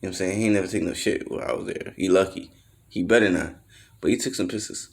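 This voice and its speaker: A man with a lowish voice spins a rambling personal story, swearing freely and leaning on slang. He slips in and out of other people's voices as he talks. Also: fast talker. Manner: loose slangy storytelling, acts out quotes in raised voices; swears freely, trails off with fillers. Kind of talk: casual storytelling monologue.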